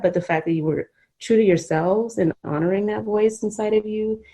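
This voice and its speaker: A woman's voice: sits low, dark tone. A middle-aged woman hosting a podcast interview, talking in an earnest, reflective, rambling way. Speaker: podcast host. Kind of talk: emotional conversational interview.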